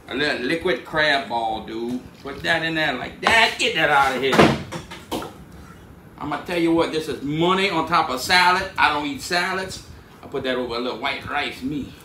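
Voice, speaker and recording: A Cajun man narrates his own cooking in a relaxed, drawling way, often tossing in a casual word of address. His voice sits a little high for a man. The sound is roomy and echoey, with loud ambient noise behind him. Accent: Cajun Louisiana. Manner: laid-back drawl, says "dude" a lot. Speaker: cooking channel host.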